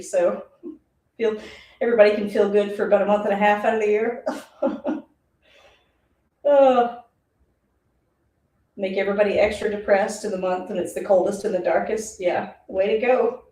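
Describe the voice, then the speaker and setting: A woman talking through a live football game as a streamer, chatty and rambling and often laughing. Her voice is mellow and a little dark. It sits away from the mic in an echoey room. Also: medium pitch, steady tone, normal speed, pauses often. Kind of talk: casual live play-by-play reaction. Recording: roomy, distant mic.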